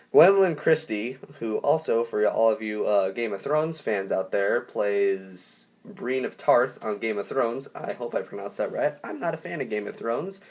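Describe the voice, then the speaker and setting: A young man giving a casual spoken movie review, enthusiastic and rambling, often stopping to restart a sentence. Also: medium pitch.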